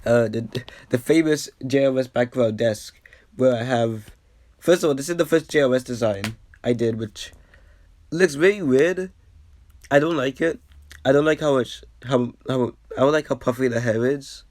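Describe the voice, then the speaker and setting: A man's voice: medium pitch, moderate pace, darkish tone, dry recording. A man who is a bit under the weather talks through his old video in loose, rambling commentary. He restarts sentences and keeps poking fun at himself. His mid-range voice sits in a dry, close recording with no room sound. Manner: rambling, lots of fillers and restarts, self-deprecating. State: a bit sick. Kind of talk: casual commentary.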